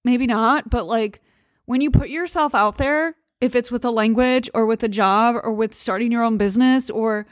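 Brief: young American woman, podcast host, heartfelt and halting, slightly high voice, dry booth sound. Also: no echo. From United States. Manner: emotional, halting, many fillers and restarts. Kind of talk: personal monologue.

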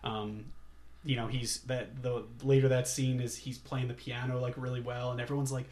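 A man's voice: medium pitch, little pitch movement, moderate pace, a little mellow. A man co-hosting a casual movie podcast, laid-back, often laughing and acting out scenes. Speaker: podcast co-host.

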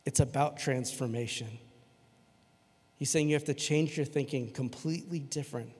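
A man preaching a sermon to his church in a casual, conversational way, switching between loud emphasis and quiet, earnest stretches. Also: mid-range voice, moderate pace, husky. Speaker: pastor. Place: church sanctuary. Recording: long hall reverb in a church.

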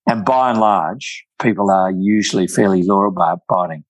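An older man, telling travel stories in casual chat, with many halting restarts. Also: low-pitched, no echo, low-quality recording. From Australia.

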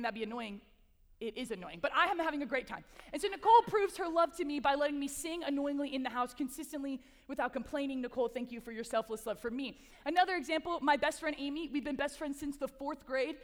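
A young woman in her twenties giving a casual, chatty sermon to an audience, talking in an animated way with lots of "like" and "right?". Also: high-pitched. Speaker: speaker. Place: large hall before an audience. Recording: long hall reverb.

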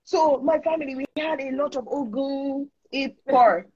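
A woman's voice: high-pitched, moderate pace, dark tone. A woman with a Nigerian accent, co-hosting a casual faith chat on a livestream, chatty and playful. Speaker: co-host. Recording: dull lo-fi livestream audio.

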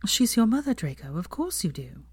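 Woman reader doing an earnest, caring young woman; soft, near-whispered, raised voice, dry close mic. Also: medium pitch, sing-song, normal speed, breathy edge, dry recording. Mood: tender.

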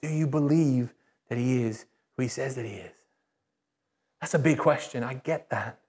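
A man preaching a sermon as a pastor, speaking conversationally and emphatically, with repeated phrases and animated rises. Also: mid-range voice, normal speed. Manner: animated, rises sharply when excited. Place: church.

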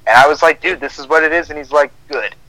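A young man chatting casually as a podcast co-host, with a somewhat high voice. He tells stories in an animated way and acts out what each person said. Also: fast talker, a crowd in the background, rough recording. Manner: animated storyteller acting out quoted dialogue. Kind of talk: casual chat.

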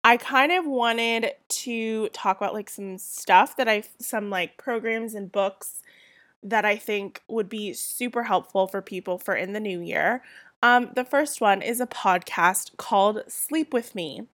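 A woman's voice: mid-range voice, a little slow, a bit bright, dry recording, studio quality. Chatty young woman with a Southern California accent. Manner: rambling, chatty, many "like" and "um" fillers. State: getting over a cold. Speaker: podcast host. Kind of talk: casual solo podcast chat.

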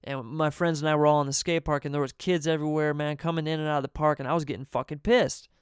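A man's voice: a little high, fairly even intonation, quick pace, clean tone, dry recording, studio quality. A man casually telling a story in a profane, laid-back way, laughing between sentences and dropping "man" often.

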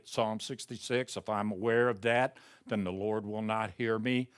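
A man's voice: lowish voice, steady tone, normal speed, hardly any pauses, clean tone. Man preaching a sermon, pulpit voice. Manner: swings between raised emphatic reading and hushed prayerful murmur. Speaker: pastor.

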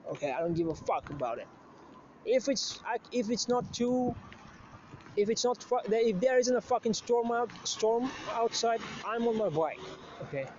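High-voiced man, crude rambling storyteller. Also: lively intonation, moderate pace, darkish tone, slight background noise. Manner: crude, profane, rambling with many restarts. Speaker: show host. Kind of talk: casual storytelling monologue. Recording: slightly muffled lo-fi recording.

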